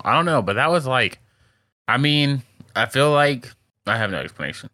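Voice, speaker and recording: A man narrates anime scenes to his co-host in loose, slangy talk, laughing along the way. His voice is bright and forward. The sound is dry and close. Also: mid-range voice, animated, normal speed, no echo. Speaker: podcast co-host. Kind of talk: casual anime recap chat.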